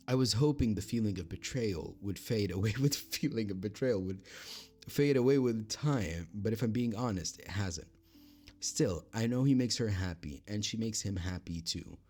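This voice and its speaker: A lower-pitched man reads an online post aloud and reacts to it as he goes. He trips over his words, laughs at his own mistakes and drifts into a put-on British accent. Faint music plays behind him. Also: a little mellow, breathy edge. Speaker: reaction video host. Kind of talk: reading an online post aloud with live commentary.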